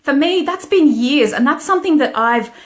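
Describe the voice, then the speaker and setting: A woman's voice: high-pitched, expressive, normal speed. A woman, a life coach, talking frankly and emotionally to viewers in a motivational live-stream monologue.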